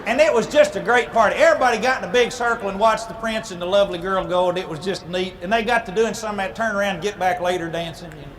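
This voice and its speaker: A man's voice: sits high, quick pace, few pauses, fairly bright tone, big-room sound, slight background noise. A man telling a comic fairy tale in a folksy, playful way, adding vocal sound effects. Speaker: speaker at church ladies' night. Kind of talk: comic storytelling.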